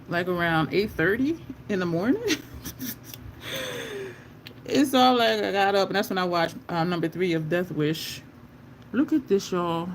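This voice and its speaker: Over slight background noise, a woman with a mid-range voice does her makeup on a livestream. The makeup vlogger chats casually and rambles through stories to her viewers, dropping Southern-style "y'all" slang.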